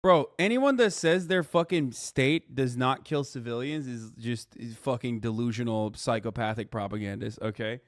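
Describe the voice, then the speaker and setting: A man in his thirties streaming live reaction commentary, ranting and swearing, jumping between loud outbursts and low mutters. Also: moderate pace, few pauses, no room sound. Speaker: streamer reacting to a news video.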